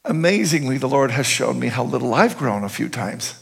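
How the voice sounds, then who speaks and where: A man's voice: medium pitch, animated, a little fast, vocal fry, slightly rough. A middle-aged man preaching a conversational sermon as a pastor, often checking in with his listeners with questions.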